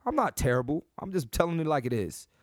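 A man in his thirties hosting a comedic solo podcast, brash and animated, with lots of restarts and repetition. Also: fairly high pitch, quick pace, no echo, clean studio sound. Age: 30s. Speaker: podcast host.

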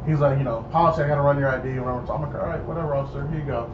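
A young man telling a casual story, animated and acting out the people in it. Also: mid-range voice, very fast. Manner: animated, acts out voices in his story. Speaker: storyteller guest. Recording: echoey dull room with noise.

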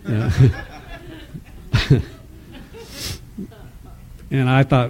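A man's voice: on the high side, unhurried, pauses often. A man preaching at a conference, telling a personal testimony with laughter and acted-out dialogue, often restarting his words. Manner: animated storytelling, acts out dialogue with laughter; stammering restarts when speaking reflectively. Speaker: conference speaker.

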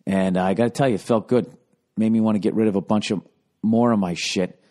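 Low-voiced man telling a rambling story. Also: steady tone, fairly quick, dark tone. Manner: profane, rambling, slips into high mocking impressions. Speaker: podcast host. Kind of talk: casual storytelling monologue.

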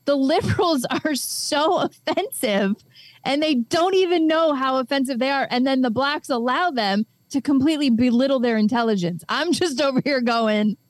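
A woman's voice: high voice, moderate pace, dry recording. A woman co-hosting a radio talk show, talking in a sarcastic, mocking way and acting out other people's voices.

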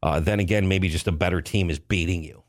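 A man hosting a casual sports talk show, animated, with sudden jumps in pitch and rapid asides.

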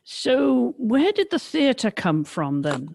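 A woman interviewer asking questions in a slow, measured way. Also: on the high side, big pitch swings, creaky, darkish tone.

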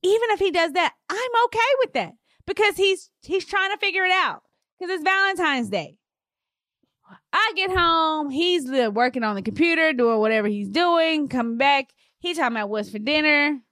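A woman in her thirties telling a personal story to her viewers in a casual, animated way, with big swings in her voice for emphasis. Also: moderate pace, no echo, studio quality. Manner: animated, expressive, swings pitch widely for emphasis.

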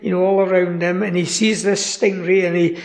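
A Scottish man chatting as a guest in a high, gravelly voice, rambling along with plenty of asides. A long reverb trails behind his words. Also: little pitch movement, brisk. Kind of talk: casual radio chat.

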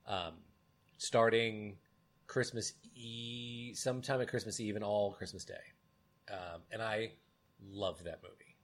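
Low-ish voiced dude on a podcast, lots of ums, gets animated retelling stuff. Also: male voice, measured pace. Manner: animated storyteller, retells movie scenes with voices; rambling, many "um"s. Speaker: podcast co-host. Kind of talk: casual chat.

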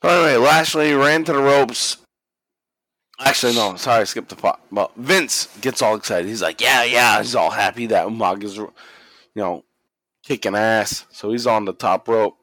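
The man's voice runs on the low side at a moderate pace, recorded dry. On a podcast he co-hosts, he lays out a wrestling story in casual talk, animated and foul-mouthed, performing each quote.

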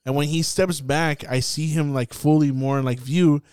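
Young guy host telling a wild story, cusses a lot, smooth resonant voice, dead dry mic. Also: on the high side, normal speed, no room sound. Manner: profane, animated storyteller acting out scenes. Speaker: podcast host. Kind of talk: casual chat.

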